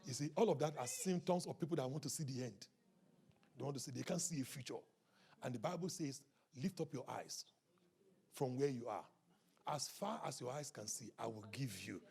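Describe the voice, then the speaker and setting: A man preaching a sermon as pastor, with a raspy, gravelly voice. He swings from hushed talk to loud shouting and prays in tongues. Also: medium pitch, animated, a little fast.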